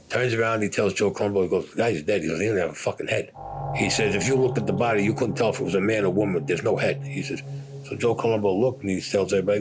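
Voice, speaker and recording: Speaking in a lowish voice over some background noise, this older Brooklyn man recounts events from his own life. He doesn't soften anything, curses liberally, and performs what others told him.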